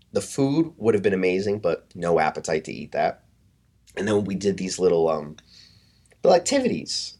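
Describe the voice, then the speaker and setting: Deep-voiced man telling a story. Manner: animated, profane, acts out quotes in hushed voices. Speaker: guest, fitness coach. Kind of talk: casual storytelling in a podcast interview.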